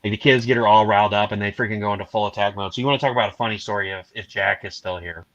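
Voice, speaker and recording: A man's voice: lowish voice, rapid-fire, lo-fi sound. A man hosting a casual live stream chat, telling stories and acting out what people said. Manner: animated storyteller, acts out quotes. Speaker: livestream host.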